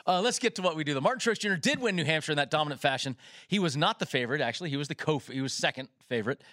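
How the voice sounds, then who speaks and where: Male co-host, slightly high voice, excitable odds rundown, dry studio sound. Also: very fast, dry recording. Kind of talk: sports betting talk.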